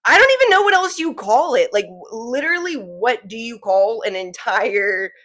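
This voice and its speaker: Twenties jersey girl hosting her show, bit of an accent, super lively up and down voice, rambly and chatty. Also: on the high side, normal speed. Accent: New Jersey. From New Jersey. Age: 20s. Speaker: podcast host. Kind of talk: casual chat.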